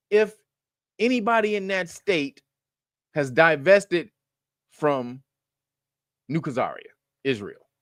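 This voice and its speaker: A man's voice: very high voice, bright, forceful tone, dry recording, clean studio sound. A man hosting a casual commentary show, talking bluntly and profanely, laughing often and rambling with restarts.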